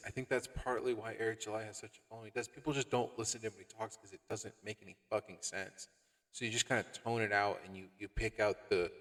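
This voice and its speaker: A man's voice: lowish voice, fairly bright tone. Exasperated, swearing male commentator. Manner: sarcastic, exasperated, swears a lot. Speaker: commentary host. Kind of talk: profane review rant. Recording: long reverb.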